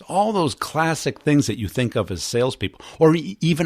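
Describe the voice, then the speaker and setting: A man hosting a sales podcast, telling an animated story and acting out both sides of a phone call, then pitching his course. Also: moderate pace, no room sound, clean studio sound. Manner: animated storyteller, acts out quotes. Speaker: podcast host.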